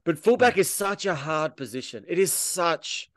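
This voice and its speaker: A man co-hosting a casual sports podcast, talking in an animated way. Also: fairly high pitch, normal speed, dry recording, studio quality. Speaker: podcast co-host.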